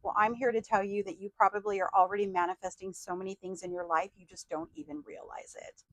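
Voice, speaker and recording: A woman mindset coach giving an animated motivational talk, acting out excited inner voices. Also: mid-range voice, fast talker, no echo, rough recording.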